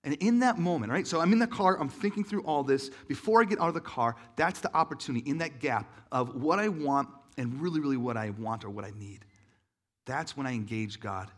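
A man's voice: medium pitch, lively intonation, fairly quick. A man, a married father, giving a casual, chatty sermon as a pastor, joking and self-deprecating with lots of fillers. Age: adult, married father.

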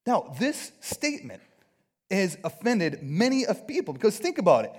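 A man preaching a conversational sermon, animated, acting out quotes and often checking in with his listeners. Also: sits high, normal speed, slightly rough. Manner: animated, acts out quotes, keeps asking "right?". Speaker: pastor.

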